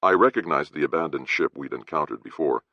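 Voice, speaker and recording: A man narrating an audiobook in first person with measured storytelling, in a dry, slightly dull recording. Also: rumbling low, lively intonation, creaky, no room sound.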